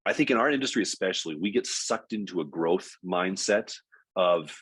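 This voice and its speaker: A man's voice: low voice, lively intonation, normal speed, fairly bright tone, slightly rough, no echo. A man giving a motivational business talk, telling stories and acting out the people he quotes. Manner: storytelling, acts out quoted callers. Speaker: speaker at a business session.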